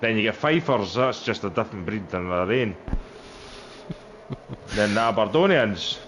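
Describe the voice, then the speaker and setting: A man's voice: fairly low pitch, animated, normal speed, background noise. A man with a Stirling Scottish accent, chatting and laughing casually while driving a sim race. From Scotland. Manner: chatty, laughs often, broad Scots words. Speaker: sim racing league driver. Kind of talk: casual chat while racing.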